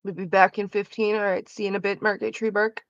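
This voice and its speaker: A woman's voice: medium pitch, flat delivery, fast talker, no echo, muffled recording. A woman streaming from home, chatting casually while gaming, blunt and sarcastic with lots of swearing, coughing now and then from smoking. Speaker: live streamer.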